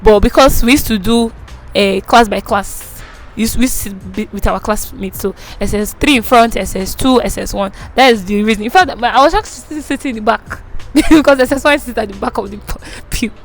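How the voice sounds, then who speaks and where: Animated Nigerian woman telling a story. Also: fairly high pitch, fairly quick, soft background music, poor audio. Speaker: vlogger. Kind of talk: storytime vlog.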